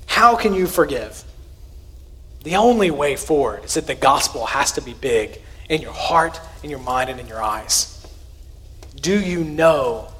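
Earnest man preaching, slightly high voice. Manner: earnest, conversational preaching with sudden emphatic rises and quiet asides. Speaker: pastor. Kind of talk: sermon.

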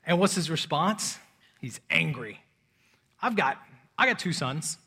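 A man in his thirties preaching a sermon, swinging between loud urgency and soft, hushed moments. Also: fairly high pitch, sing-song, measured pace, breathy edge. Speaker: pastor.

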